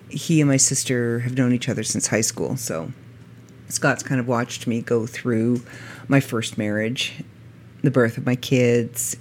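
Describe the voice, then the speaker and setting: A middle-aged woman with a low voice, hosting a podcast in a chatty, self-mocking way and laughing often. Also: a little mellow. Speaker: podcast host. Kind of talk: casual podcast monologue.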